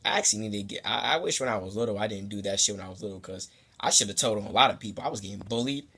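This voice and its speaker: Young man, husky voice, casual storytime vlog, profane, rambling asides, animated. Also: very fast. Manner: animated, swings into high squeaky voices for quoted people. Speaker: storytime vlogger.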